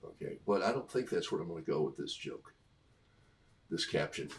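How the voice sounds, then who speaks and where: A middle-aged artist on a livestream talks casually through every brushstroke, amused by his own humor and fighting a cough. His voice is low, gravelly, and animated, at a normal speed.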